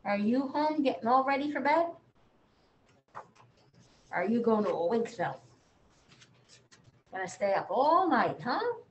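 A woman librarian reading a bedtime picture book aloud, gently talking to young children in an echoey room. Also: a little high, sing-song, unhurried, long pauses, muffled recording, slight background noise. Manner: gentle, sing-song, talks to children.

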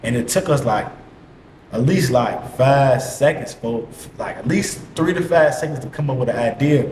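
A man's voice: mid-range voice, animated, normal speed, darkish tone. A young man telling a story in a casual, slangy, profane monologue full of repeated catchphrases. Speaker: vlogger. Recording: echoey room, faint hiss.

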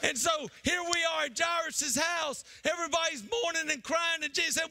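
Pastor guy preaching loud, high bright gravelly voice, goes from shouting to low. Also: normal speed, background noise. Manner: preaching in bursts, shouting and then dropping low; acts out the people in the story in their voices. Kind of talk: sermon.

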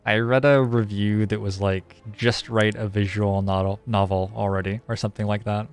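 Low-voiced man casually commentating a game. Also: moderate pace, clean tone. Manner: relaxed, thinks aloud, explains at length with frequent "like". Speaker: game streamer. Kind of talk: casual live-stream gameplay commentary.

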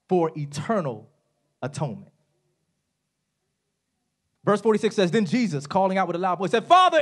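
In a church sanctuary, a preacher gives an animated sermon, his high voice swooping across a wide range, going soft at phrase ends and rising to shouts at the peaks. Casual with the congregation, he says "y'all" and "right?" and has them repeat words back.

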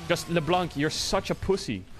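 A man's voice: fairly high pitch, expressive, moderate pace, faint music behind. A young man streaming a video game and commenting live, exasperated with his teammates, swearing and laughing in disbelief.

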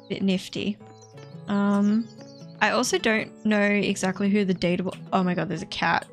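A woman's voice: medium pitch, level tone, normal speed, over music. A woman giving casual let's play commentary as she explores a game, chatty and hesitant with many fillers, breaking into squeals of delight at cute animals.

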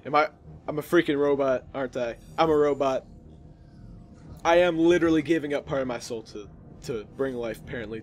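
A young man casually commenting while playing a video game, chatty and jokey with quick reactions. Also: a little high, a little hiss or hum. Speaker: gaming video host. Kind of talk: casual let's play commentary.

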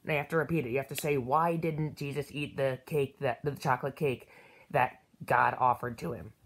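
Brief: husky bird lady, woman voicing her, who drawls through a corny joke, low and slow. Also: fairly even intonation, exaggerated voice. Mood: smug, teasing. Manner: drawn-out, pleased with her own joke. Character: female pet bird, corny joke teller.

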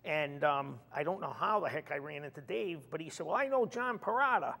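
A comedian guest tells a story in a casual chat, animatedly acting out the quoted dialogue. His voice is fairly high and gravelly, and he talks fairly quickly. The recording carries a long reverb.

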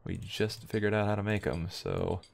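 Low gravelly young man playing a game. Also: steady tone, normal speed. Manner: offhand, wry muttering while playing. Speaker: gaming video host. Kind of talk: let's play commentary.

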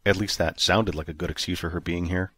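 A man narrating an audiobook in a steady, even storytelling manner. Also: deep voice, fairly quick, slightly rough, no echo. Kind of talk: scripted narration.

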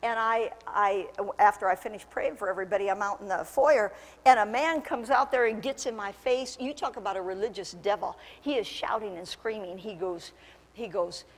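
A woman pastor preaching a lively sermon, telling stories and building to fervent shouts. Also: mid-range voice, moderate pace. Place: church sanctuary. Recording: long church hall reverb.

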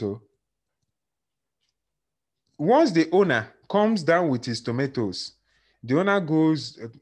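A man with a Nigerian accent lecturing on law, telling stories and acting out dialogue with his class. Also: medium pitch. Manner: animated, acts out dialogue and questions students.

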